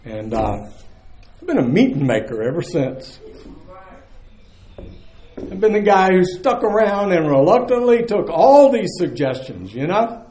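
A man's voice: high voice, sing-song, unhurried, pauses often, warm tone, echoey room. A man, telling his recovery story to a live meeting in a candid, earthy, conversational way. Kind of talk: personal testimony to a live audience.

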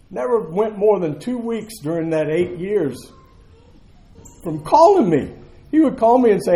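A man's voice: high voice, very animated, normal speed, mellow, reverberant. A man, telling his recovery story to a live meeting in a candid, earthy, conversational way. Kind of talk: personal testimony to a live audience.

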